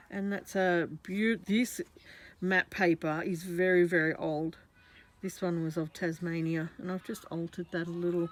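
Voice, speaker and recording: Chatty Australian woman, low-pitched. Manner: chatty and meandering, with frequent self-corrections. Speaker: craft vlogger. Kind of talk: casual craft journal flip-through.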